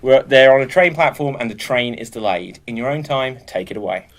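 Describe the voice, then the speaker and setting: A man hosting improv games, laughing and throwing in quick apologetic asides. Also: mid-range voice, expressive. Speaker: improv show host.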